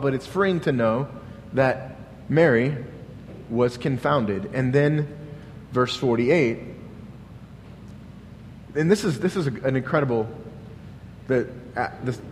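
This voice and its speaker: A pastor preaching a sermon in an earnest, questioning way, often restarting with "like". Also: male voice, mid-range voice, unhurried, pauses often, in a large hall, a little hiss or hum.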